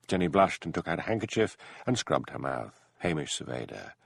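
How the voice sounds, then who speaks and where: Audiobook narrator, male, measured storytelling, lively pitch, dry recording. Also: gravelly, slightly rough, no room sound. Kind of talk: scripted narration.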